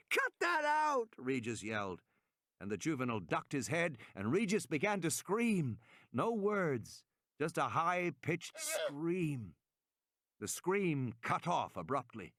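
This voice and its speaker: Expressive male audiobook reader. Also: fairly high pitch, dry recording. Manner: expressive, dramatic pacing. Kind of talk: reading a novel aloud. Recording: loud game gunfire behind.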